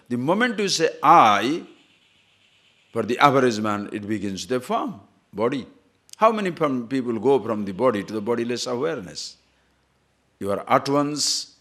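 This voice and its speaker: A man with a husky, slightly bright voice on the low side gives a discourse as a spiritual teacher. Storytelling, chuckles, and questions put to his listeners fill his talk.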